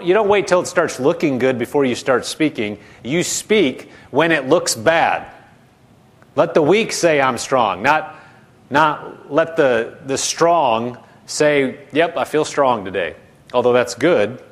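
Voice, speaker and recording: A man preaching a sermon, emphatic and repetitive, dropping soft and low to model spoken declarations.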